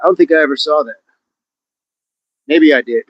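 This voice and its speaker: A man's voice: on the high side, normal speed, no room sound. A man hosting a fitness livestream outdoors, chatting casually and joking as he reads viewer comments. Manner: joking, chatty, laughs often. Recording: dull, dry, lo-fi sound.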